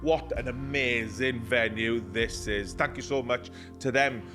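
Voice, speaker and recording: A man co-hosting a casual podcast from a rugby clubhouse bar. He talks in an animated way, repeats himself and laughs a lot. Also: mid-range voice, measured pace, over music. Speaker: podcast co-host. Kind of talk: casual pub chat.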